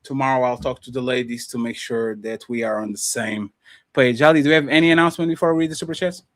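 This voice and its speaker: A man co-hosting a casual livestream chat, excitable and profane, laughing often. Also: mid-range voice, fast, no echo, clean studio sound. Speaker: co-host.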